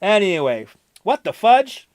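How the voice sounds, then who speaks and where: A man's voice: sits high, sing-song, a little slow, darkish tone, dry recording. A man hosting a casual livestream who reads viewer comments aloud, curses freely and laughs often. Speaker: livestream host.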